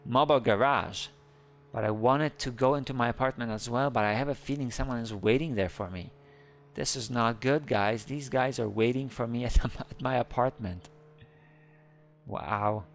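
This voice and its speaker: A man giving excited, playful game commentary who squeals up high whenever he panics. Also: normal speed. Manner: squeals high when panicked, playful kid-friendly banter. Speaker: gaming YouTuber.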